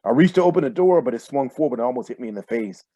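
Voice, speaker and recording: A man reading his own first-person fiction aloud in a steady, measured way over a video call. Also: mid-range voice, no room sound, highs cut off. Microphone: computer mic on a video call.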